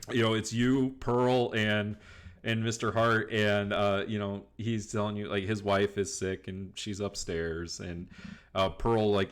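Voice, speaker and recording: A man's voice: on the low side, a bit bright, clear, resonant tone. A man narrating a tabletop game as game master, rambling loosely with many restarts.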